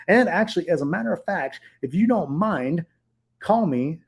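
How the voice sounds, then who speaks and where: A man's voice: a little high, lively intonation, moderate pace, breathy edge. Blunt, profane middle-aged man. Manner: blunt and profane, heated retelling. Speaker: short-term rental owner. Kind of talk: casual storytelling to viewers.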